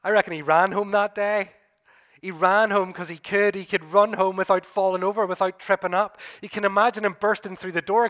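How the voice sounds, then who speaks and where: A man's voice: high voice, normal speed. Man preaching a vivid story-driven sermon. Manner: vivid storytelling, addressing listeners as "you"; builds to excited peaks, then drops quiet. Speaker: pastor. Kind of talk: sermon retelling a gospel story.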